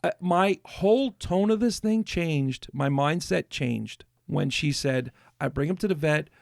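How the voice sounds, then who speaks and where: A man in a casual podcast chat, rambling through a story and restarting his sentences as he goes. His voice sits a little high and carries a gravelly fry. The sound is dry and close to the mic. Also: expressive, a little slow, no echo. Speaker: podcast host.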